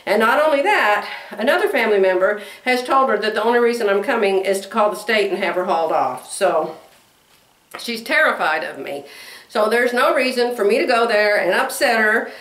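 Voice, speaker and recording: A woman's voice: medium pitch, animated, normal speed, a bit bright, reverberant. A woman in her sixties chatting casually to camera in a rambling way, laughing often as she talks. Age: 60s. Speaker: vlogger.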